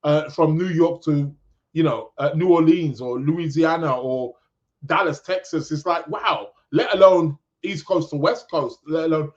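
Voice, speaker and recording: A British man hosts a podcast as a loose, rambling live chat, reading out viewer comments. His voice sits a little high. The recording sounds dull and lo-fi. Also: measured pace. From England. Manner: rambling, many restarts, chatty. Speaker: podcast host.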